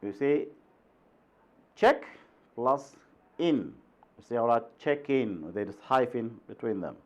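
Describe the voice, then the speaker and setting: A man's voice: medium pitch, expressive, a little slow, lo-fi sound. A man from Sudan, a native Arabic speaker, teaching an English lesson, repeating words with strong stress and often asking "right?". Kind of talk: recorded classroom lesson.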